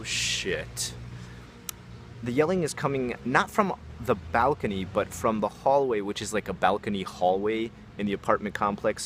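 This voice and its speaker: A young man with a low voice tells a story in a loose, casual way. He swears often and scatters "like" and "you know" through his sentences. There is faint background noise behind him. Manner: casual, profane, many fillers like "like".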